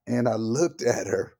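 An older man, a comedian guest on an interview, telling personal stories in a lively, animated way and acting out the voices of the people in them. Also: fairly low pitch, gravelly, breathy edge. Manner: vivid storyteller who acts out the voices in his stories.

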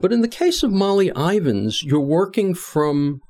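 Measured male interviewer. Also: sits high, very animated, a little mellow. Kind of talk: interview questions.

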